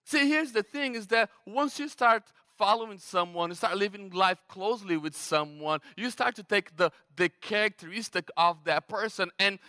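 A man from Brazil with a Brazilian Portuguese accent, preaching a sermon as pastor in a conversational, animated way with frequent restarts. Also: high-pitched, clear, resonant tone. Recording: long hall reverb.

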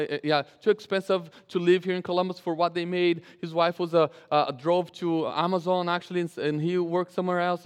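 A male pastor preaching a sermon and telling a story, animated, often restarting and repeating his phrases. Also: sits high, smooth, in a large hall. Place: church sanctuary.

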